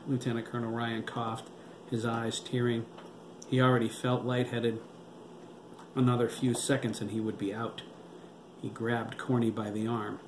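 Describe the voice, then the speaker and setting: A man's voice: mid-range voice, flat delivery, normal speed. Man narrating an audiobook in a roomy space. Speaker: author reading his novel. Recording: roomy with faint hiss.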